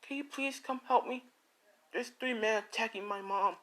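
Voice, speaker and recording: A man's voice: high-pitched, moderate pace, fairly bright tone, pitched above the performer's own voice. A man voicing an earnest, protective young boy asking politely for help. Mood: anxious.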